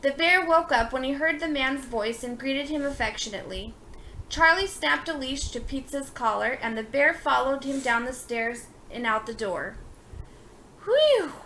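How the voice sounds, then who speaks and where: A woman reading a picture book aloud in a lively, expressive manner. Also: sits high, moderate pace, slight background noise, poor audio. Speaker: storybook reader.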